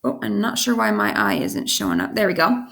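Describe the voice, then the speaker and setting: A woman teacher casually walking parents through how their young children should write sentences, often checking in with "okay?" and slowly sounding out letters. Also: lowish voice, huge pitch swings, creaky, a bit bright. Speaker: kindergarten teacher.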